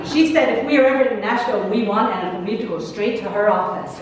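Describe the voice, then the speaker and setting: A woman's voice: mid-range voice, fast talker. A Canadian woman minister telling a story in a chatty sermon reflection, with asides to her congregation. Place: large church sanctuary. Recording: echoey church hall from far off, faint noise.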